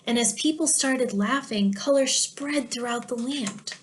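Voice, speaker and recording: A woman reading a rhyming children's story aloud with an expressive, rhythmic delivery. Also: a little high, a little slow.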